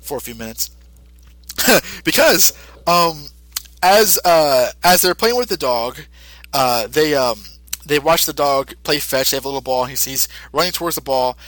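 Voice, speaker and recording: A man's voice: on the high side, expressive, a little slow, a bit bright, no echo, low-quality recording. A male podcast host casually recapping an episode, rambling with lots of fillers.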